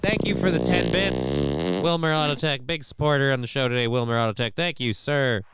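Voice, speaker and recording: A man's voice: medium pitch, very animated, brisk, vocal fry, fairly bright tone, slight background noise. A man hosting a livestream, chatting casually with his viewers in a rambling, joking, profane way. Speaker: livestream host. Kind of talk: casual chat to a live chat.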